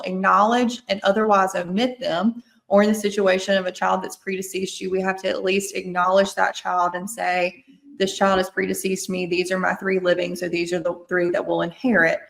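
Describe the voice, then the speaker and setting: A woman's voice: mid-range voice, creaky. Earnest woman with a Mississippi accent. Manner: earnest, explanatory, restates points. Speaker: estate planning attorney, guest. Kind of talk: podcast interview, explaining.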